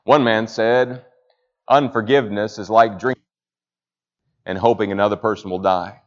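A man preaching a sermon, rising to loud emphatic peaks and then dropping low. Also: fairly even intonation, moderate pace. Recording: slightly dull lo-fi sound.

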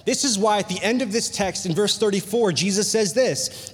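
A male pastor preaching a sermon, telling a personal story with animated jokey asides and bursts of excitement. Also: high voice, moderate pace, few pauses. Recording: long hall reverb.

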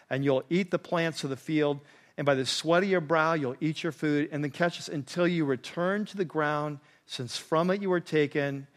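Conversational preacher with a slightly high voice. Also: male voice. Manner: conversational preaching, repeats "catch this", drops low and quiet on key phrases. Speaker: pastor. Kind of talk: sermon.

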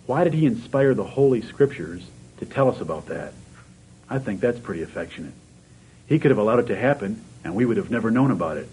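A man preaching a sermon in a low voice, building his points through rhetorical questions. He climbs toward a fervent pitch as he presses each point. A faint noise sits under the recording. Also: a little mellow, rough recording.

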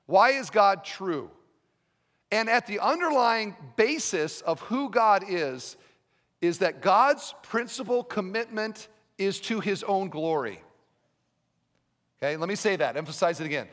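A man preaching a sermon as pastor, emphatic, with rhetorical questions and sudden drops to a quiet voice. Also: high-pitched, lively intonation, measured pace, in a large hall.

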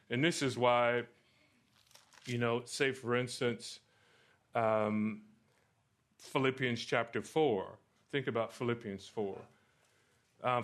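A man preaching and answering questions in a church Q&A, animated and rising loud at points of emphasis. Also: medium pitch. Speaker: pastor. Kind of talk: sermon Q&A.

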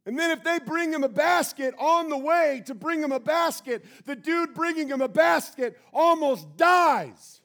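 A man preaching a sermon as pastor of his church, building to shouted emphasis. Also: extremely high pitch, lively intonation, measured pace, hardly any pauses. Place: church sanctuary.

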